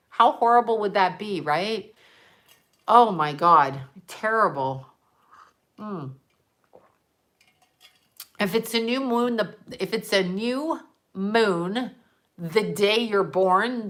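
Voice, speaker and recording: A woman's voice: medium pitch, fairly bright tone. An older woman talking casually to her viewers, rambling from one topic to the next, laughing often and swearing freely while she scrolls through photos. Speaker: psychic vlogger.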